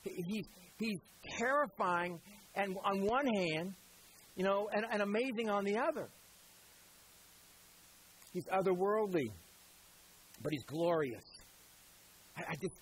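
A man's voice: sits high, lively intonation, normal speed, pauses often, fairly bright tone, slightly rough, poor audio. A male preacher giving a sermon in a conversational, storytelling way, often calling his listeners "guys".

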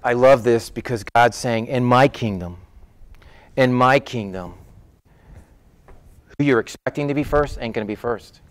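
A man's voice: mid-range voice, measured pace, pauses often, smooth, no room sound. A middle-aged man preaching a conversational sermon, acting out the voices of people in his stories. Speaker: pastor.

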